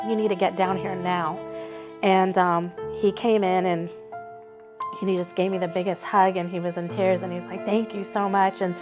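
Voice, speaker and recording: Woman advocate, animated interview storyteller, mid pitch, faint music under her. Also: poor audio. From Nevada. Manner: animated, acts out her own quoted thoughts.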